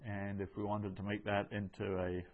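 A man teaching a Greek class, going over answers in a slow, measured way with many ums and uhs. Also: lowish voice, little pitch movement, narrow, tinny audio.

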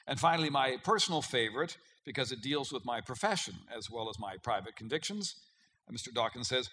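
A man preaching with a lively, swinging delivery and a bright, forceful tone. He talks conversationally, with hesitant fillers, then presses on key words. A faint hum of the room sits behind him. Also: mid-range voice, a little fast. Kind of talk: sermon.

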